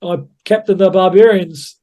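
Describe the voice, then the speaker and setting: A man's voice: sits high, fairly even intonation, moderate pace, warm tone. A middle-aged man from New Zealand, a rugby coach telling blunt, sweary stories in casual podcast chat. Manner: blunt, swears often, storytelling.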